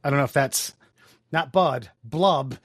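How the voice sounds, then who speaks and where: A man's voice: mid-range voice, unhurried, fairly bright tone, slightly rough, no echo, studio quality. A man co-hosting a casual podcast, reading out listener comments with frequent laughs, filler words and swearing. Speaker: podcast co-host.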